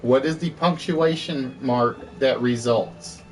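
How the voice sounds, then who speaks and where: A man's voice: mid-range voice, slow pace, faint music behind. A man hosting a live online game show, chatty, repeating and rephrasing his quiz questions, with an occasional cough.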